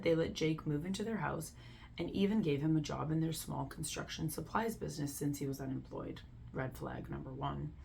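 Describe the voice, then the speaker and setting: A woman with a gravelly, low-pitched voice reads internet posts aloud and comments on them bluntly. She talks in a loose, casual way, full of "like" and "you know". A faint hum of room noise sits underneath. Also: a little mellow. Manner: blunt, opinionated, heavy use of "like". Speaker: Reddit story reader and commentator.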